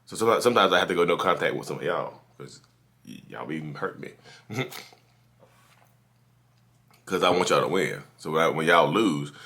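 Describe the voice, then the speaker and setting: A man's voice: low-pitched, pushed and bright. A man hosting a podcast, giving casual advice straight to his listeners from his office, repeating his points and calling them "y'all". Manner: repetitive, calls listeners "y'all", preachy. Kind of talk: casual direct-to-camera advice talk.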